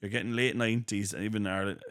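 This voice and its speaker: A comedian hosting a podcast, telling rambling stories in casual comedic chat and acting out the quotes. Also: male voice, fairly low pitch, fairly even intonation, rapid-fire, fairly bright tone. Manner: rambling storyteller, acts out quotes.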